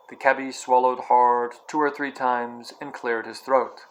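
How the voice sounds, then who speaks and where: A man reading a novel aloud in a calm storytelling way, with his own asides. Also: medium pitch, unhurried, few pauses, low-quality recording. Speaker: reader.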